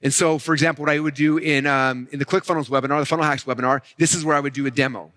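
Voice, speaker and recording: A man giving an energetic marketing talk on stage, walking listeners through his method and often checking in with "right?" and "okay?". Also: fairly high pitch, rapid-fire. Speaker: marketing speaker.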